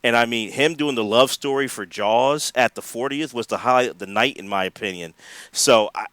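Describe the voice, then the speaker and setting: Man, casual podcast chat, animated, dry recording, middle pitch. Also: normal speed, no room sound. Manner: animated, acts out quotes, laughs often. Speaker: podcast co-host.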